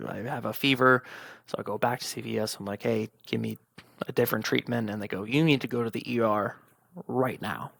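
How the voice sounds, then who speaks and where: A young man with a heavily gravelly, fry-laden voice at an ordinary pitch tells a personal story as a podcast host. He speaks candidly, swears freely and acts out his own past remarks. The sound is dry and close, with no room echo.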